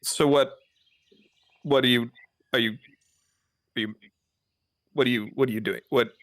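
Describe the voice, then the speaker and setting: A man's voice: medium pitch, steady tone, unhurried, a bit bright. A man playing a tabletop game, talking in a dry, hesitant, joking way. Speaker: player. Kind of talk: casual tabletop play.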